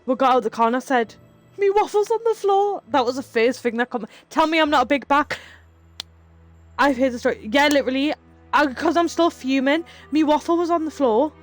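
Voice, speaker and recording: Lass streaming, rambly stories, swears n laughs, higher voice, quiet music under. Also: female voice, fairly quick. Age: 30s. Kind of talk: casual chat with live chat.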